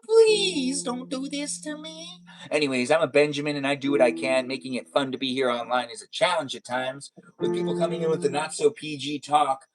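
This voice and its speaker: A man's voice: mid-range voice, steady tone, fast talker, few pauses, soft background music. A man hosting a casual live stream, reading viewer comments in a playful, silly, teasing way.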